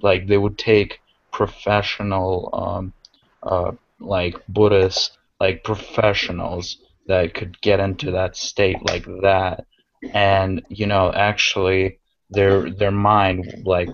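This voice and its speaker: A man's voice: sits low, dry recording, lo-fi sound. A man hosting a casual podcast conversation, talking hesitantly with many fillers and restarts.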